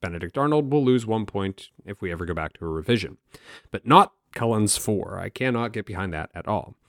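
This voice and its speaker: A man's voice: lowish voice, lively intonation, fairly quick, fairly bright tone, no echo, clean studio sound. A man hosting a history podcast on his own, wry and self-mocking and swearing freely. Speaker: podcast host. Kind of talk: solo history podcast monologue.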